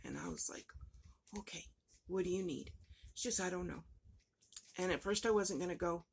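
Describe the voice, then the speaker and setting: A woman's voice: lowish voice, moderate pace, vocal fry, husky. A woman telling a personal story in a rambling, emotional way, her voice breaking at times. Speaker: vlogger.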